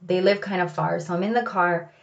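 A woman's voice: fairly low pitch, fairly even intonation, a little fast, creaky, lo-fi sound. A woman telling a personal story in a candid, reflective way, often saying "like" and "you know.".

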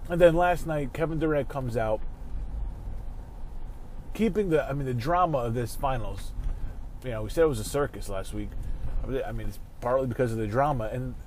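A man hosting a casual sports talk show from his car while driving, ranting and swearing, quick to flare into angry outbursts. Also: medium pitch, a little mellow, slight background noise. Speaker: show host.

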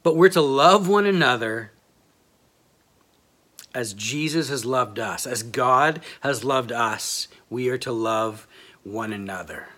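A man's voice: mid-range voice, slow pace, bright, forceful tone. A man preaching a sermon in a plain, self-deprecating way, reading aloud from a book and from scripture.

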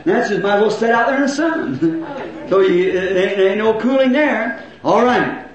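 A man's voice: high voice, animated, normal speed. Folksy man preaching in an echoey church. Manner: folksy rural grammar, questions to the crowd, bursts of shouting. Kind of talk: revival sermon. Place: church hall with congregation. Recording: very echoey old church recording.

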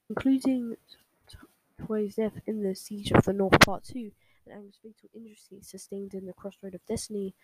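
Husky-voiced young woman chatting. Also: mid-range voice, a little mellow, no room sound, rough recording. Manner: rambling, with many fillers and restarts. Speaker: fan video host. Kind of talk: casual talk and reading fan fiction aloud.

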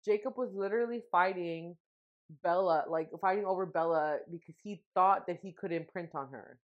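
A woman's voice: fairly low pitch, moderate pace. A young woman co-hosting a podcast, chatting casually and rambling with lots of fillers, getting emotional. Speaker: podcast co-host. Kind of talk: casual chat. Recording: dull lo-fi sound.

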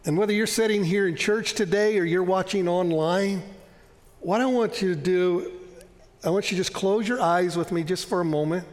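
High-voiced pastor preaching in a reverberant hall. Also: male voice. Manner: earnest, emphatic, slowing down and dropping to a soft hush on key lines. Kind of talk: sermon. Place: church.

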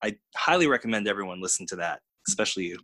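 Bright-voiced, gushing male podcast co-host. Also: on the low side, animated, racing, dry recording. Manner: enthusiastic, gushing about music. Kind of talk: casual chat.

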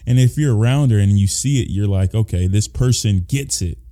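A man's voice: lowish voice, a little fast, mellow. A man hosting a podcast in casual chat, hyped and playful, talking with a lot of energy. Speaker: podcast host.

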